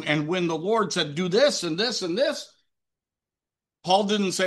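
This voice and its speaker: A man's voice: high voice, normal speed, fairly bright tone. A man preaching a sermon emphatically, with rhetorical questions and repetition.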